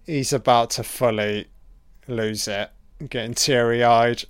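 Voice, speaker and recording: A man's voice: mid-range voice, slow pace, clear, resonant tone, no echo, studio quality. Sweary man reacting to a film. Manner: sweary, excitable, talking over a film as it plays. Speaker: film commentator. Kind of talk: casual live reaction commentary.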